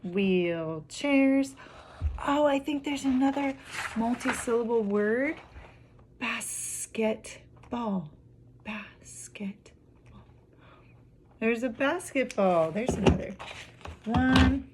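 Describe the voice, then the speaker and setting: A woman's voice: sits high, measured pace, a little mellow. A young woman teaching a phonics lesson to small children, drawing out each word syllable by syllable in a sing-song way. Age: young adult. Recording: clear background noise.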